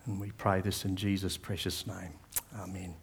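A man's voice: low voice, little pitch movement, normal speed, a little hiss or hum. A middle-aged man preaching a sermon, sharing personal testimony in an earnest, conversational way with frequent restarts.

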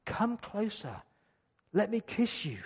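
Brief: old blind father played by a man, wary and probing, raised pitch, long hall reverb. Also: very animated, slow pace, breathy edge, exaggerated voice. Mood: suspicious. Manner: wary questioning.

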